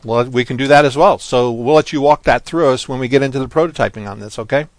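A man's voice: mid-range voice, quick pace, dry recording. A man co-hosting a workshop, chatting casually and mostly answering in short, agreeable replies. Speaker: workshop co-host. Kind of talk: casual conversation.

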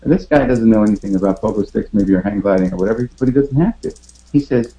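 A man's voice: medium pitch, fast, dark tone. A man with a mid-range voice gives an emphatic motivational pep talk. He keeps firing rhetorical questions at his listeners and stammers over repeated words. The audio is slightly dull and lo-fi. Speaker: podcast host.

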